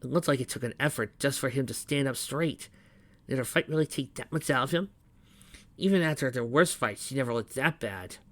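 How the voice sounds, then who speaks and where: A man reading fan fiction aloud in a steady voice, with small slips and restarts. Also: medium pitch, brisk, no echo. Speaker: reader.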